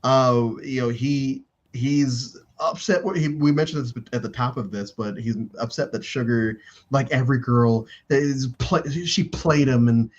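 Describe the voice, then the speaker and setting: Animated man hosting a lo-fi stream. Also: mid-range voice, a little slow. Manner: animated, acts out quotes of contestants. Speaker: stream host. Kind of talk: casual live-stream chat.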